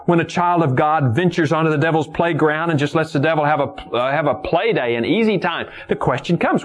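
A man preaching a sermon, repeating phrases for emphasis and moving between soaring exclamations and hushed, low reflection. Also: fairly quick, hardly any pauses. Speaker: pastor.

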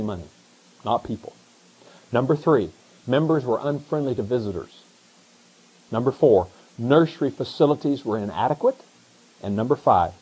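A middle-aged man preaching a sermon as pastor, animated, pushing up into emphatic questions. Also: mid-range voice, breathy edge, low-quality recording.

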